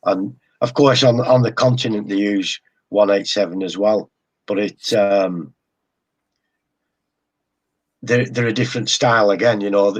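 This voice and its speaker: A man's voice: lowish voice, moderate pace. An English man chatting as a guest about his hobby, hesitant and often repeating words. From England. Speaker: guest model railroader. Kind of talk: casual live-stream chat.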